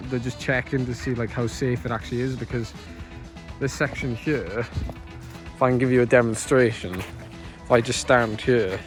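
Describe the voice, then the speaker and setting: Over music, a man with a medium-pitched, steady voice speaks at a moderate pace. He's a vlogger and amateur cyclocross racer, chatting casually to camera outdoors at a muddy course with plenty of self-mocking jokes.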